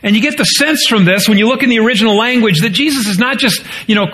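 A man preaching a sermon as pastor, rising into pleading quotes and dropping low and quiet for solemn points. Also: quick pace.

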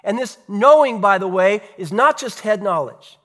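A man, a pastor, preaching a sermon earnestly, with rhetorical questions and dramatic pauses. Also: sits high, animated, fairly bright tone.

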